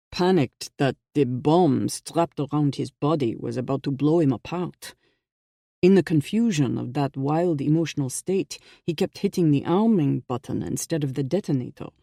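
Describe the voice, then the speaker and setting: An audiobook narrator reading a suspense novel in an even, measured storytelling manner. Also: medium pitch, creaky, no room sound, studio quality.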